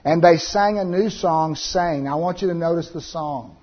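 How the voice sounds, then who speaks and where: A man preaching a Bible teaching sermon, reading scripture aloud slowly and then explaining it with many filler sounds. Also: on the high side, lo-fi sound.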